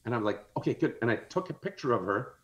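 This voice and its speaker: A man guesting on a podcast tells a story in an animated way, laughing often. His voice sits at a middle pitch. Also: fast talker, muffled recording. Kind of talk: storytelling in casual chat.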